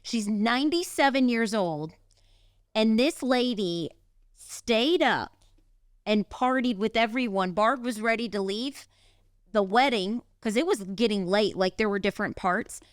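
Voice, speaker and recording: Chatty woman podcast co-host, smooth and clear, dry close mic. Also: a little high, dry recording. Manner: chatty storyteller, quick asides and laughs. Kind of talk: casual chat.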